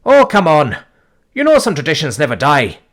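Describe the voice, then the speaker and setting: A man putting on a proud male master wizard with a raised, husky voice. He snaps back in short, blunt retorts, lively and quick to bicker. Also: on the high side, voice pushed up. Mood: smug.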